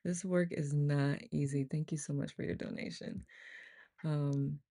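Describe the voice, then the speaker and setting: A woman with a deep, mellow voice speaks at a measured pace with fairly even intonation. She leads a casual live online meditation group on camera, chatting and rambling and laughing often. She's recorded through a computer mic.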